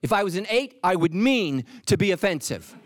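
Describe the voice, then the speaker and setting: A man preaching a sermon as the pastor, talking in a lively, punchy way with playful asides. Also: sits high, fairly quick, a little hiss or hum.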